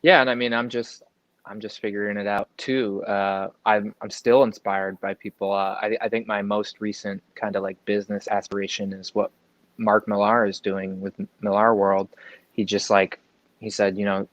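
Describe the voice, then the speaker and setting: A man's voice: fairly low pitch, flat delivery, normal speed, dry recording. A man appearing as a guest in a casual interview, rambling conversationally with lots of fillers and asides. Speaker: guest comic book creator. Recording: dull, dry lo-fi sound.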